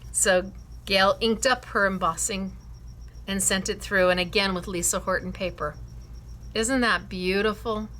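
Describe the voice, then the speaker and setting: A woman's voice: medium pitch, fairly even intonation, measured pace, a bit bright, a little hiss or hum. A woman hosting a scrapbooking class, enthusiastically showing and praising her students' cards and laughing often. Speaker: craft class host.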